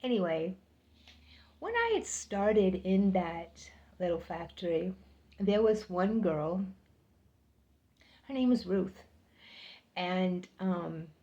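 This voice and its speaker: A woman's voice: medium pitch, mellow. An older woman telling a personal story to the camera, chatty and repeating words for emphasis. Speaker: vlogger.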